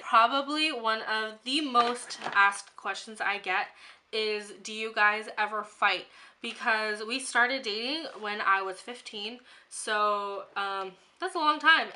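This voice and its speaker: A woman's voice: on the high side, sharp tone. A young woman vlogging in a chatty, rambling way, with a sore throat and an occasional cough. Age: young adult. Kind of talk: casual chat to camera.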